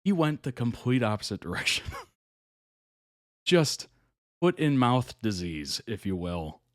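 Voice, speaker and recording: A man's voice: mid-range voice, a little slow, dry recording, studio quality. A man hosting a reaction video, casually retelling a reality show story, chuckling often and acting out other people's lines. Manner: chatty storyteller, chuckles often, quotes people in animated voices.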